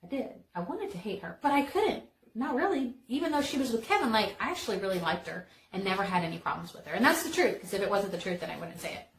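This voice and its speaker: A woman hosting a storytelling vlog, telling a childhood story in a casual, animated way, full of fillers and dramatic turns. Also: medium pitch, fast talker. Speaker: storytelling vlogger. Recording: echoey room with faint noise.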